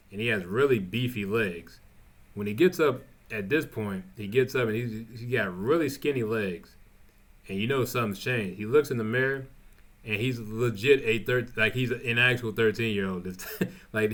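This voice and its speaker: A man casually recapping episodes of a show, rambling and halting, with frequent restarts. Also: fairly low pitch, a bit bright. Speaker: TV show reviewer.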